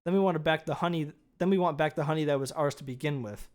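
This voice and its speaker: An earnest young bee, eager and quick to blurt out his plans, as a man reads him aloud on a livestream. The voice sits a little high for a man. It is an everyday reading voice rather than a big cartoon turn. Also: natural voice. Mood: demanding. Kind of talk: script read aloud on a livestream.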